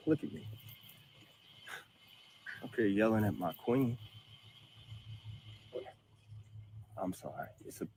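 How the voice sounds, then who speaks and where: A man playing a husband in a comedy skit, shouting his denials and then pleading softly with his wife. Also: lowish voice, slight background noise, natural voice.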